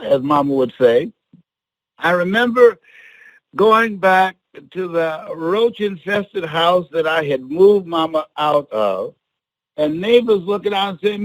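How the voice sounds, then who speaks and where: High-pitched older man preaching slowly. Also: expressive, low-quality recording. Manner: preacher-like delivery, swings from hushed to shouting with laughter. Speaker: motivational speaker. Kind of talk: motivational storytelling speech.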